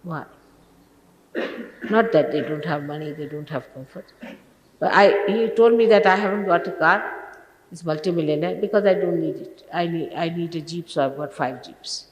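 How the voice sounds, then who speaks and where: A woman's voice: fairly low pitch, moderate pace, roomy sound, long reverb tail, a little hiss or hum, rough recording. An older woman giving an informal sermon to her followers as a spiritual teacher, emphatic and scolding, full of rhetorical questions, in an old archive recording.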